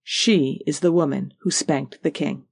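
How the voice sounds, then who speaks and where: Proud old Highland widow, Scottish Highland accent, rich and powerful, stately lilting delivery, as an audiobook narrator puts her on; dry close recording. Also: steady tone, a little slow, creaky, slightly rough, dry recording. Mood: firm. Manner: stately, lilting, repeats "oh yes".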